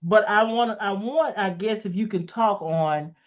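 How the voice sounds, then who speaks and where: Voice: mid-range voice, measured pace. An interview host who asks questions and gives encouraging affirmations. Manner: encouraging, frequent backchannel affirmations. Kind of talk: conversational interview. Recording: muffled lo-fi audio.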